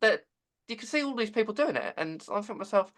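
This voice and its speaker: A man hosting a podcast, talking casually and haltingly with many repeated words. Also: high-pitched, animated, a bit bright. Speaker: podcast host. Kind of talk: casual conversation.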